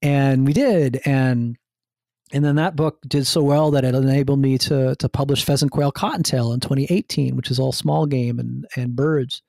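A man from New Jersey speaks as a guest in a podcast interview. His voice has a gravelly rasp, and his eager talk runs on with restarts. The recording is dry and close. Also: medium pitch, fairly even intonation, normal speed, darkish tone, no room sound. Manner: enthusiastic, rambling with many restarts. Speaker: guest, food writer and hunter.

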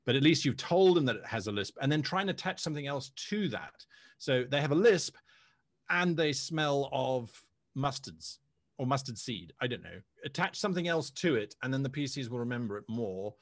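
A man hosting a casual panel discussion, animated and quick with jokey asides. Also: medium pitch, no echo, clean studio sound. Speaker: panel host.

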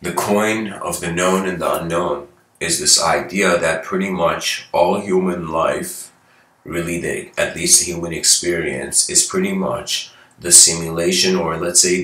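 Low guy telling spiritual stories all casual and chatty, punchy voice, echoey room. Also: steady tone, a little slow, sharp tone. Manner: loose, conversational storytelling with asides to listeners. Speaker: spiritual lecturer. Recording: roomy echo.

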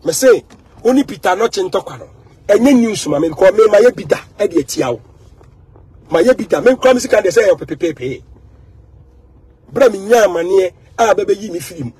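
Ghanaian male commentator, high and raspy, emphatic and repetitive. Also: animated, brisk, long pauses, darkish tone. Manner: emphatic and repetitive, mixing in English phrases. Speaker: social media commentator. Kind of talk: animated monologue.

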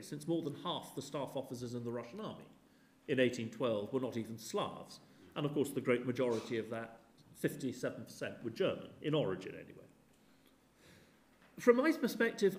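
A man's voice: medium pitch, darkish tone. A man giving a public history lecture, with wry, ironic asides. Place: large lecture theatre. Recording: roomy lecture theatre sound.

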